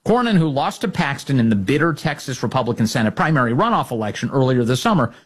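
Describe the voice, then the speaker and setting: A man's voice: mid-range voice, very animated, fast, husky. A man giving sarcastic, mocking political commentary as a host.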